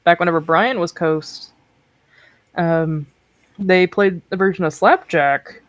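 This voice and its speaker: A woman's voice: fairly low pitch, slow, no echo. A woman guest on a podcast in casual chat, throwing in dry teasing quips.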